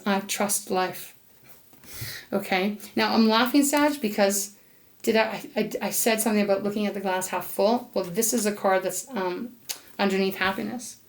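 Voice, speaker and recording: A woman's voice: medium pitch, moderate pace. A woman giving a casual tarot reading to camera, chatty and enthusiastic, talking aloud to spirit, laughing often and coughing now and then. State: occasional coughing. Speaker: tarot reader.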